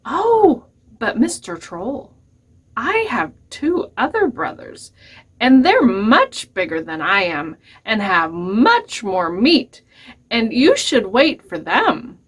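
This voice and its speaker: A woman voicing the youngest little billy goat in a storybook, speaking softly and breathily with a pleading tone. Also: a little high, very animated, slow pace, breathy edge, exaggerated voice. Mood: timid.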